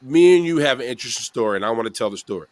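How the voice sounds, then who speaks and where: A man's voice: mid-range voice, racing, dry recording. A middle-aged man hosting a podcast, telling a long story in casual chat and acting out the people in it. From the Bronx, New York. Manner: animated storyteller, acts out quoted voices. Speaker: podcast host.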